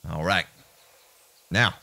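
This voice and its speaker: A man's voice: low-pitched, slow, gravelly, sharp tone. A man casually commenting on his gameplay as a let's play host, chatty and jokey, addressing viewers as folks.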